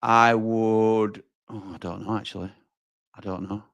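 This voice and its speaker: A man with a lowish, fairly monotone voice hosts a live football watch-along, speaking a little slowly with some creak. He chats, reacts loudly to chances, and reads out viewer comments, calling people pal and mate. The sound is lo-fi and dry, with no room echo.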